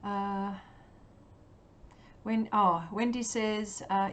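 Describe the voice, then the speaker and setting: A woman's voice: mid-range voice, a little slow. Chatty Australian woman full of ums. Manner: chatty and hesitant, many ums, laughs often. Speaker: livestream artist. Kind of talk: casual livestream chat while painting.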